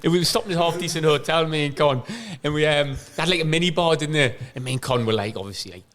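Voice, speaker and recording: A man's voice: fairly high pitch, fast talker, a bit bright. A man in his forties co-hosting a podcast, a chatty, laughing storyteller who fills his talk with "like". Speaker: podcast co-host, former footballer. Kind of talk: casual podcast chat.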